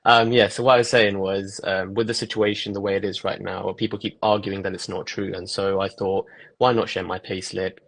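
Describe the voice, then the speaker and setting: Low gravelly young man, flat delivery. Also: brisk. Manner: plain-spoken and matter-of-fact. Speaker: guest, newly qualified doctor. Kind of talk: remote interview over video call.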